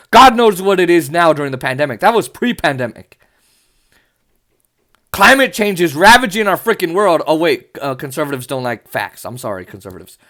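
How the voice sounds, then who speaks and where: High-pitched sarcastic ranting man. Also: fairly bright tone. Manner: exasperated, sarcastic, swears often. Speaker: podcast host. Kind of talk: ranting political commentary.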